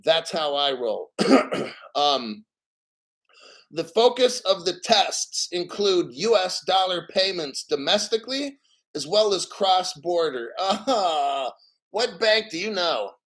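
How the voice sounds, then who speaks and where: A man's voice: high voice, big pitch swings, slow, a bit bright, rough recording. A man hosting a crypto channel, reading an article aloud with boastful, profane commentary, laughing and getting emotional. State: emotional, near tears.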